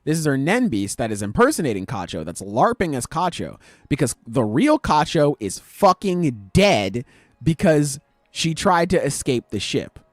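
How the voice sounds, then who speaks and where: A man's voice: fairly high pitch, very animated, moderate pace, no room sound, clean studio sound. A man hosting a podcast, animatedly retelling a comic's plot in casual, slangy talk full of swearing. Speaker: podcast host. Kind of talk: casual chat, retelling manga chapters.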